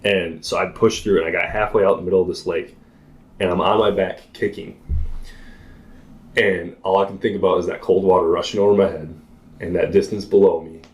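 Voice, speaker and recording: A young man, a podcast guest, telling a story in casual chat with animated delivery, frequent laughs and many filler words. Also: low-pitched, a little fast.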